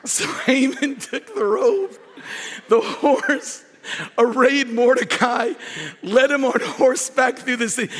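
A man preaching a sermon, telling a scripture story with lively asides and raised, shouted lines. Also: extremely high pitch, measured pace, background noise. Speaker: pastor. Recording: echoey hall with long reverb.

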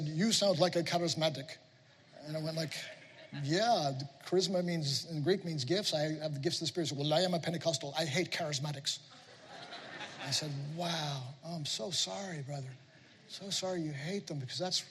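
A man preaching a sermon in a church, telling lively stories and acting out voices. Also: high voice, breathy edge. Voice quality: animated storytelling with playful voices. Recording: echoey hall.

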